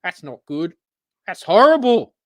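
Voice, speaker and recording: A man's voice: sits high, big pitch swings, unhurried, no room sound. An Australian man hosting a live-streamed radio-style show, ranting in an exasperated, profane way. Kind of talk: live-streamed solo rant.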